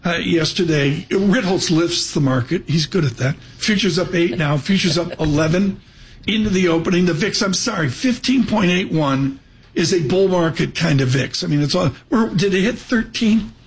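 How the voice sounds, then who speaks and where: A man hosting a live business broadcast, talking in a rapid, rambling, chatty way. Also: high-pitched, a little hiss or hum. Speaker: radio show host.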